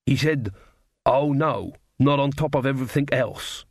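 A man voicing a sulky dwarf doorkeeper in an audiobook, grudging and flat. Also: medium pitch, a little slow, vocal fry. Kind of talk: audiobook character voice.

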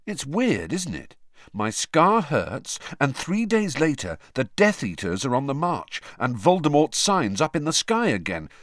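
A man's voice: mid-range voice, wildly swooping pitch, measured pace, fairly bright tone, dry recording, clean studio sound, pitched above the performer's own voice. A man reading aloud and voicing a troubled teenage boy, earnest and uneasy. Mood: insistent.

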